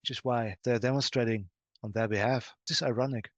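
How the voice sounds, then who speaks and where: Man speaking slowly in trance, dry sound. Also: mid-range voice, fairly even intonation, dry recording, muffled recording. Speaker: hypnosis session client. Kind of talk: speaking in trance, answering questions.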